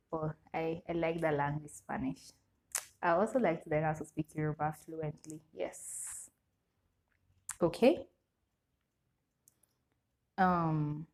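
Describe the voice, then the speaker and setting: With a deep voice and a Nigerian English accent, the young woman runs a casual Q&A vlog, voicing each question before answering with plenty of laughter.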